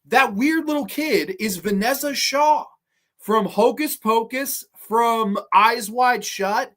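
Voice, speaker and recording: Speaking slowly in a mid-range, slightly bright voice, this livestream podcast host works through a ranking of horror films. The talk is casual, blunt and full of profanity, with viewer questions, restarts and trailing asides.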